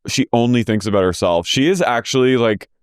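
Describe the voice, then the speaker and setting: A man co-hosting a podcast, recapping a reality show in casual gossipy chat and acting out quotes in high mocking voices. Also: fairly quick, smooth, no echo, clean studio sound. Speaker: podcast co-host.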